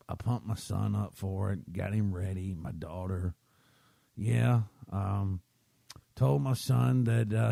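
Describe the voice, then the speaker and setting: A man's voice: on the low side, creaky, mellow, no echo, studio quality. A man, hosting a podcast and rambling through a self-deprecating story while checking in with his listeners. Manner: chatty, keeps checking in with listeners. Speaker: podcast host.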